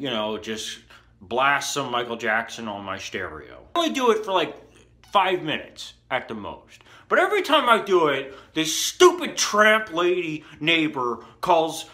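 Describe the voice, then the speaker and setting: A man's voice: mid-range voice, bright, forceful tone. A young man ranting in a rambling comic monologue, indignant and belligerent, full of fillers. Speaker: comedy character monologue.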